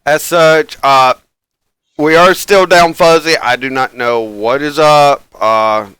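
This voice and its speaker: A man's voice: on the high side, takes it slowly, pushed and bright, clean tone. A man hosting a live tabletop game stream, chatting casually and rambling with frequent chuckles and fillers. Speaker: game master and stream host.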